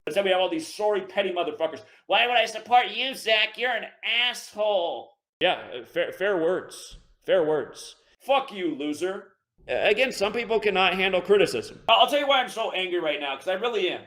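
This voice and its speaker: Pissed off host guy swearing nonstop at callers, bright edgy tone. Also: high-pitched, animated, fairly quick, soft background music. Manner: furious, cursing, insulting listeners. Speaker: call-in show host. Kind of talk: angry profane rant.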